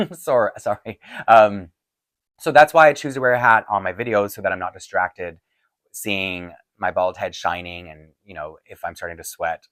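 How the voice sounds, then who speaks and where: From his home filming set-up, the man behind a doll collecting channel answers questions casually to camera, chatty and meandering, laughing frequently while his voice wears out. His lowish voice has a fairly bright tone at a moderate pace, recorded dry.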